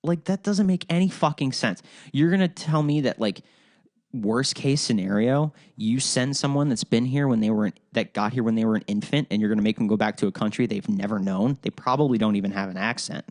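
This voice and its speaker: A man's voice: mid-range voice, brisk, a little mellow. A man hosting a solo podcast, ranting in a rambling, profane way with frequent restarts. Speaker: podcast host.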